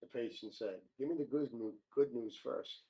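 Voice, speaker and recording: A man hosting a joke show, reading listener jokes aloud with small stumbles and quick voice changes for the characters. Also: medium pitch, dark tone. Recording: dull lo-fi sound.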